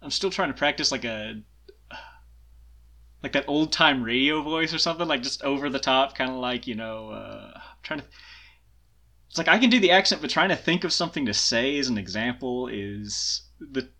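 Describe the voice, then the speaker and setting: A man's voice: mid-range voice, lively intonation, normal speed, bright, forceful tone. A man with a Southern US accent, chatting as a guest in a casual interview, self-deprecating and laughing often.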